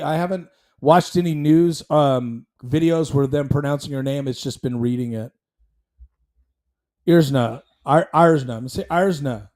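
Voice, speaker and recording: A man hosts his own commentary show, talking at a desk mic in a blunt, heated way. His voice sits a little high yet sounds dark and mellow. He rambles, restarts sentences and fills gaps with ums. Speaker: show host. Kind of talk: casual commentary stream.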